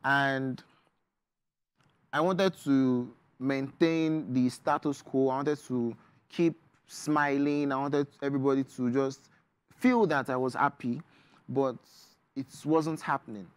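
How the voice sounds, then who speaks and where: A man's voice: mid-range voice, steady tone, takes it slowly, clear, resonant tone, no room sound. A man with a Nigerian English accent, a poet and author speaking as a guest in a TV studio interview. He talks in an earnest, reflective way, with many fillers. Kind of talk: studio interview, reading his poetry.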